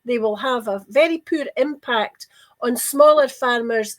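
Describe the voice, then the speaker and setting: A woman co-hosting a political discussion, talking in an indignant, emphatic way and slowing down to stress her points. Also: a little high. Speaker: panel co-host.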